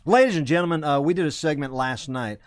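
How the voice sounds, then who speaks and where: A man's voice: a little high, quick pace, clear, resonant tone, dry recording, clean studio sound. A man hosting a comedy web show, rambling and self-correcting while hyping merchandise like a salesman. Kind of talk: rambling comedic live-stream chat.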